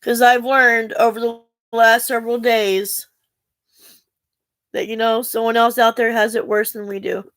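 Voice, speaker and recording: A woman's voice: a little high, little pitch movement, unhurried, a bit bright, dry recording. A woman, talking earnestly and in a rambling, heartfelt way to her viewers, asking for help. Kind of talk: emotional personal talk to camera.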